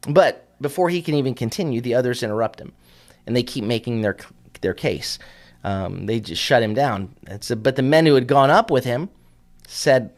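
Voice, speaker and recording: Full rich-style text A man teaching scripture as a rabbi, with a voice of ordinary pitch. He talks his way through the text in a conversational, explanatory manner, with fillers and restarts along the way. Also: expressive, moderate pace. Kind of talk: Bible teaching.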